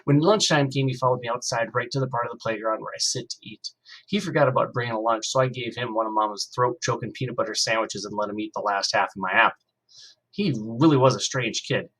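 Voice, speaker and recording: Husky teacher guy reading a chapter book out loud, expressive, slows down for drama. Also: medium pitch, poor audio. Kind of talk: storybook read-aloud narration.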